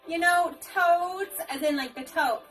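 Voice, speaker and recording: A woman's voice: very high voice, unhurried, a bit bright, soft background music, rough recording. A woman voicing a goofy, joke-telling fox puppet with gross tastes in a children's puppet show. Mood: jokey. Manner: silly, playful, jokey.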